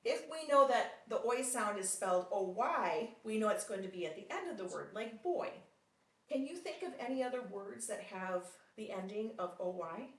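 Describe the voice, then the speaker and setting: A woman's voice: medium pitch, animated, a bit bright, recorded from a distance. Patient phonics teacher woman, slightly roomy. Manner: patient, encouraging, with frequent praise; slow, deliberate sounding out of words. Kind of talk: one-on-one phonics lesson. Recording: roomy sound from off mic.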